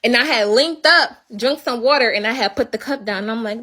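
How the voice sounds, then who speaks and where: A woman's voice: fairly high pitch, a little fast, bright, forceful tone. A young woman livestreaming from home, telling a story as an indignant, swearing rant. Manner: indignant, venting, swears freely. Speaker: livestream host.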